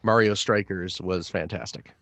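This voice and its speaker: A man co-hosting a gaming podcast, telling a travel story in a jokey, animated way. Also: deep voice, normal speed, vocal fry, dry recording. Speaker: podcast co-host. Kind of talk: casual podcast chat.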